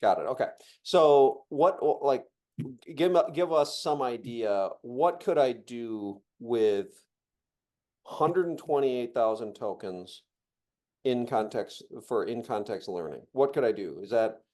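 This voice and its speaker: A man's voice: mid-range voice, expressive, slow, darkish tone. A man hosting a casual chat, curious, thinking aloud and asking follow-up questions.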